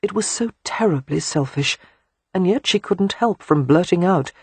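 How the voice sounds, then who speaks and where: An audiobook narrator reading a romance novel in a soft, hushed, unhurried way. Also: mid-range voice, breathy edge, dry recording.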